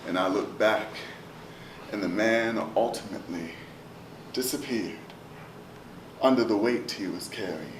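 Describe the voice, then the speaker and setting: A man performing spoken word poetry, rhythmic and chanting, with swings from loud to hushed. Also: fairly low pitch, a little slow, pauses often. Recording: roomy, distant live recording with noise.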